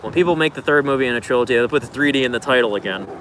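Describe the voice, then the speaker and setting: A man with an ordinary mid-range voice chats loosely through viewer questions on a livestream, drifting from thought to thought with plenty of filler words. His voice sits over a steady hiss of background noise. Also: medium pitch, very fast. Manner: rambling, laid-back, loose filler words. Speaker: streamer answering viewer questions. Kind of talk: casual livestream Q&A.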